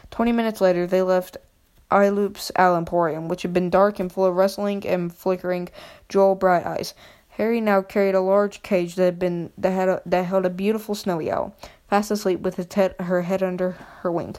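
A woman reads a children's novel aloud at home pace, her fairly low voice staying flat and even. The delivery is unpolished, with frequent slips and restarts. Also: moderate pace. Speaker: reader.

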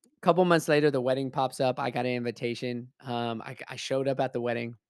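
A man's voice: mid-range voice, steady tone, quick pace, clear, resonant tone, dry recording, studio quality. A man telling a story in a casual, blunt way, swearing often and speaking with emphasis.

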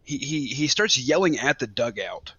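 Bright, stammering male co-host. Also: medium pitch, lively intonation, normal speed, breathy edge, no room sound, dull audio. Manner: stammering, heated, swears freely. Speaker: podcast co-host. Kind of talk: casual podcast chat.

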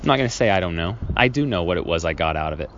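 A man's voice: lively intonation, rapid-fire, fairly bright tone. A man talks through a personal story on his own podcast, wandering and correcting himself as he goes. The sound is slightly muffled, with faint traffic noise behind him. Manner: rambling, self-correcting, acts out childhood scenes with raised pitch. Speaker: podcast host. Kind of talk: reflective solo podcast storytelling.

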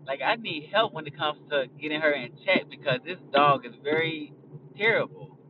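Young male host, casual rambling chat, somewhat higher voice, off-mic and muffled with road noise. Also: animated, moderate pace, distant mic. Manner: blunt, profane, rambling. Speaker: podcast host. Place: in a car on a highway.

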